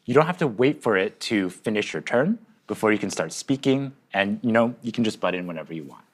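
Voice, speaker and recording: A man's voice: lowish voice, lively intonation, brisk. Upbeat man explaining a live demo. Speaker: presenter.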